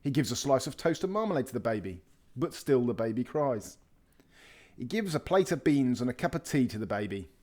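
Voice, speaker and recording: A man reading a children's picture book aloud with lively, expressive storytelling. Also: medium pitch, fairly quick. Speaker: storybook reader.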